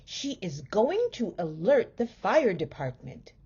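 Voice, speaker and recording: A blustering storybook husband who barks orders in a loud, bossy way, as a woman reads his part aloud. He sounds sure of himself even when he is not. The voice is husky and the recording is muffled and lo-fi. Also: medium pitch, takes it slowly, pitched above the performer's own voice, exaggerated voice. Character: blustering middle-aged husband, falsely confident.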